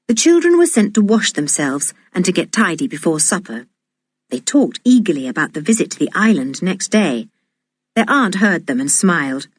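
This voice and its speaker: A woman narrating a children's storybook aloud in a lively, expressive manner. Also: low voice, moderate pace, breathy edge, no echo, studio quality. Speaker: audiobook narrator.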